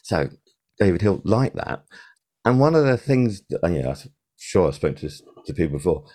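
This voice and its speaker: A man's voice: deep voice, big pitch swings, a little fast, dark tone. An older man, a television sound supervisor, recalling his career in a casual interview, rambling and correcting himself as he goes. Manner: rambling, self-correcting storyteller.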